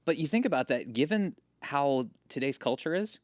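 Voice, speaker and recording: A man's voice: a little high, lively intonation, moderate pace, a little mellow, no room sound. Dry-witted man, pastor in casual chat. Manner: dry, wry quips. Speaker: creative pastor.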